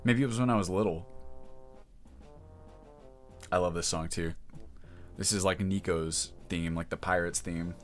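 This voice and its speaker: A man's voice: low voice, fairly even intonation, measured pace, pauses often. A man streaming live in casual chat, rambling and emotional, often breaking off mid-sentence. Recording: music playing in the background.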